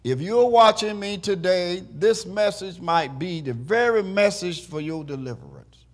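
A man pastor preaching a sermon, telling a story softly and then stressing his words in drawn-out phrases. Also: sits high, lively intonation. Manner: slow, drawn-out preaching with quiet storytelling stretches. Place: church.

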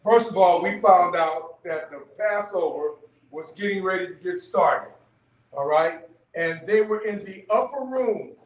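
A man leads a church Bible study in a loose, conversational way, stopping often to ask "okay?" His voice sits high. He is heard from a distance, and the room echoes around him. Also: measured pace. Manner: conversational teaching, frequent "okay?" checks. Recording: echoey room, mic far off.

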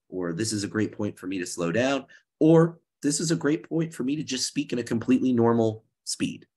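A man with a head cold, hoarse, giving an earnest workshop talk over a video call and often restarting his phrases. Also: mid-range voice. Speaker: speech contest coordinator. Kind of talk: workshop presentation.

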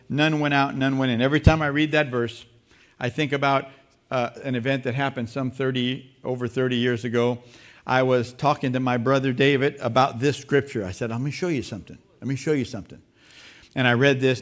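A male pastor preaching an animated sermon. His voice rises for emphasis and drops low and quiet when he speaks for God or tells a story. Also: brisk. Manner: animated preaching, rising in pitch and volume. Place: church sanctuary.

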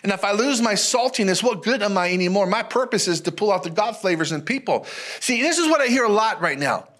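A male pastor preaching a sermon in an animated, folksy way, repeating phrases and calling out to the congregation. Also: high voice, fast talker. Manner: animated, repetitive, folksy preaching with audience call-outs.

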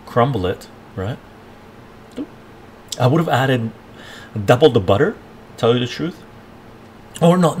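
A man's voice: medium pitch, darkish tone, slight background noise. A man hosting a casual live stream, ranting and rambling in a loose, conversational way and often tagging his points with "right?".

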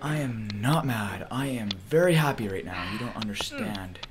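A man streaming a game, who breaks into yelling rage and then insists in a forced, sarcastic calm that he is not mad. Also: on the low side, moderate pace, crowd noise. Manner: sarcastic mock-cheerful muttering. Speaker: gaming streamer. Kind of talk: livestream gameplay commentary.

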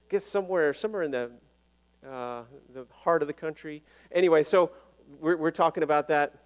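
Brief: male pastor, fairly high voice, chatty storytelling sermon, laughs at himself, long reverb of a church. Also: fairly quick, smooth. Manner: chatty, self-deprecating storytelling with frequent laughs. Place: church sanctuary.

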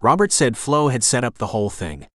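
A man's voice: medium pitch, very animated, brisk, no room sound. A man narrating a crime audiobook in a tense, dramatic storytelling manner on a close studio mic. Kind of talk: scripted narration.

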